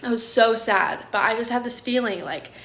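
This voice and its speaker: A woman in her thirties tells a personal story with earnest, animated energy, leaning on "like" and "literally". Her voice is bright and a little high. The recording carries a noticeable room echo. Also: normal speed, vocal fry. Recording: echoey room.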